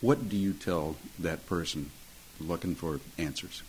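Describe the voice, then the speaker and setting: A very deep-voiced man hosts a radio interview in a studio. He asks his questions haltingly and often restarts his sentences. His delivery is calm and conversational. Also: slight background noise, poor audio. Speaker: radio host.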